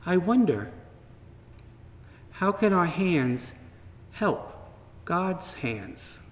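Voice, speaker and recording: Guy reading a kids' story at church, kinda high voice, slow and gentle, lots of reverb. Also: very animated. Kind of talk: reading a children's story aloud. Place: church sanctuary. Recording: long reverb from a large hall.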